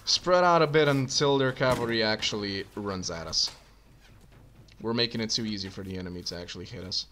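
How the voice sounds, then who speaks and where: A man's voice: lowish voice, a little fast, a bit bright, slight background noise. Rambling man narrating his gameplay. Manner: thinking aloud, rambling, many fillers. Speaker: let's play gamer. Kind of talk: casual gameplay commentary.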